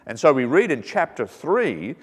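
A man's voice: mid-range voice, sing-song, normal speed, husky. A man preaching a sermon, earnest and teaching, with joking asides that lighten the message. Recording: reverberant hall.

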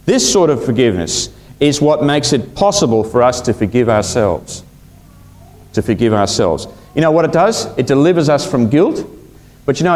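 Expressive male preacher with hushed drops. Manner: expressive preaching, acting out quotes with big pitch swings and hushed drops. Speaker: pastor. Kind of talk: sermon.

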